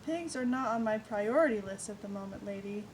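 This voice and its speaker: A woman voicing a grumpy, dramatic young boy who yells indignantly, read aloud from a storybook over a noisy recording. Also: medium pitch, lively intonation, brisk, lightly acted. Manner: loud, indignant yelling.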